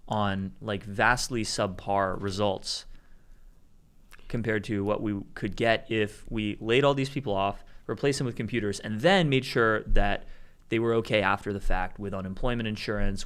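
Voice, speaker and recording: A man co-hosting a live tech news show, calmly laying out arguments with examples in a casual commentary style. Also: on the low side, moderate pace, clean tone. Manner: explanatory, builds arguments with examples. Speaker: co-host.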